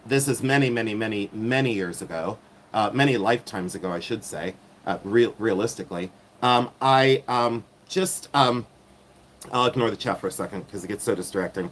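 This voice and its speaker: A man's voice: lowish voice, moderate pace, a little hiss or hum. A middle-aged man hosting a casual live stream, rambling with many ums and turning sassy and catty when riled.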